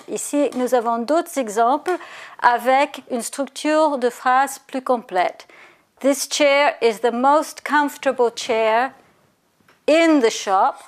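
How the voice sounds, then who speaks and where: A woman teaching an English grammar lesson, explaining each point in French and then repeating it in English, slowing down on the example words. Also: high-pitched. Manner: slows down to spell out example words. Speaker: language teacher.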